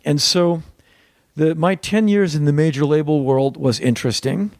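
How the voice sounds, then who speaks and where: A middle-aged man answers as a podcast guest in a clipped, matter-of-fact way. His voice runs a little high, and the recording is dry and close. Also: fairly even intonation, moderate pace, darkish tone, no echo. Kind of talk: interview conversation.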